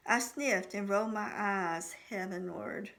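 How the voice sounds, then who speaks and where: A woman's voice: medium pitch, measured pace, vocal fry, fairly bright tone. A woman reading her own novel aloud in the first person, voicing the dialogue of each character. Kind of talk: audiobook narration.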